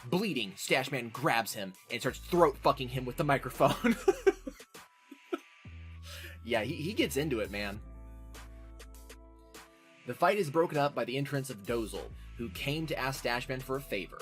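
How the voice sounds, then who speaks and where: Nasal guy recapping a show, lively swoopy voice, swears a lot, faint music behind. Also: medium pitch, moderate pace. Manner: profane, sardonic recapping. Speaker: podcast host. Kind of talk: casual recap chat.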